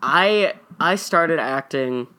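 A young man with a bright, forward voice, talking casually as a podcast host. He jokes loosely with his co-hosts and laughs often. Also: a little high, animated, takes it slowly, clean tone. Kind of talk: casual chat.

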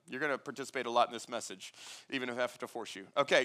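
A man preaching a sermon as pastor, calling for congregation response and swelling loud on key lines, with playful asides. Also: medium pitch, lively intonation, very fast. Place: church sanctuary with congregation.

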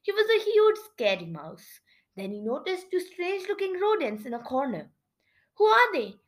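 A woman reading a children's book chapter aloud as storyteller, with expressive narration. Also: sits high, moderate pace.

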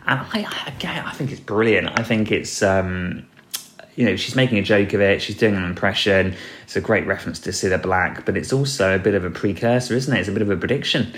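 Low-voiced man rambling through a podcast. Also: brisk, fairly bright tone. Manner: rambling and chatty, with dry jokes and many ums. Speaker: podcast host. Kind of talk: casual solo podcast recap.

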